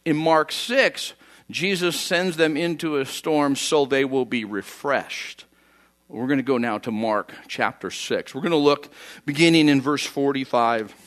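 A man's voice: mid-range voice, a little slow, a bit bright. A man preaching a conversational sermon, telling the story in a folksy way with chatty asides. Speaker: pastor.

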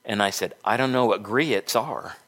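A man's voice: on the low side, normal speed, fairly bright tone. A middle-aged man preaching a sermon as a pastor, with folksy, conversational storytelling.

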